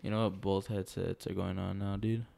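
A man's voice: sits low, little pitch movement, moderate pace, gravelly, dark tone. A teenage boy co-hosting a casual podcast, laughing a lot and talking back. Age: teens. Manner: laughs often, talks back. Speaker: podcast co-host. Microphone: headset mic close to mouth.

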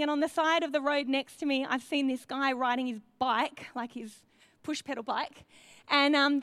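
An Australian woman in her thirties telling a personal story to a church congregation, acting out her own quoted thoughts with lively energy. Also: high-pitched, dry recording. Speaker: church speaker.

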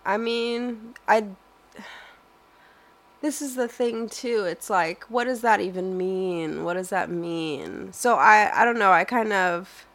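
A woman's voice: medium pitch, takes it slowly, fairly bright tone. A young woman answering interview questions in a thoughtful, hesitant way, full of fillers and restarts.

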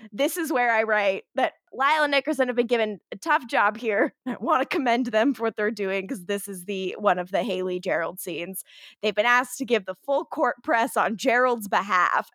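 A woman's voice: fairly high pitch, fairly bright tone, no room sound, studio quality. A woman co-hosting a podcast, recapping an episode in casual chat, laughing often and swearing, with lots of fillers. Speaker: podcast co-host.

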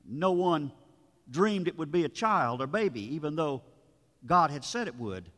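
A man's voice: fairly high pitch, expressive, normal speed, a bit bright. A man, a pastor, giving a sermon in a storytelling, conversational way, with asides to his listeners. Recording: long reverb of a large room.

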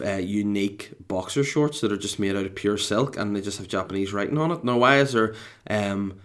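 A man with a Scottish accent telling a rambling, sweary story at home with comic exasperation. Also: fairly low pitch. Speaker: dad telling a story to camera. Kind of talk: casual rambling anecdote.

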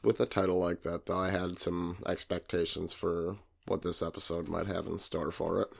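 A man co-hosts a podcast in a lowish, gravelly voice. He chats casually and hesitantly, cutting in with jokes. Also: flat delivery, moderate pace. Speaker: podcast co-host. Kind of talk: casual chat.

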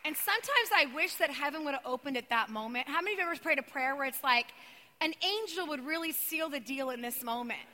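A woman preaching a sermon in a very high, bright voice. She tells her story with drama, rising to loud cries and falling to hushed, almost whispered passages. Her voice rings out with the long reverb of a large hall. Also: lively intonation, quick pace.

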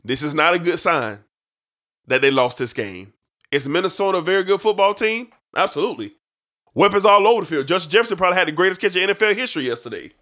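Brief: slightly high-voiced male sports show host, emphatic and folksy. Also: quick pace. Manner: animated, emphatic, folksy slang. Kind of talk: casual sports talk.

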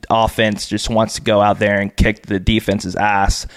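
A young man in his twenties, a guest on a casual sports podcast, telling a funny story in an animated way and laughing as he goes. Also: fairly low pitch, normal speed, clean tone. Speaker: podcast guest, former player.

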